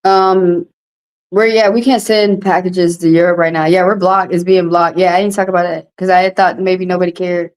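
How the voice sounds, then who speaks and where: A woman's voice: fairly low pitch, little pitch movement, moderate pace, poor audio. A woman doing a casual livestream tarot card reading, talking bluntly and profanely with rambling asides.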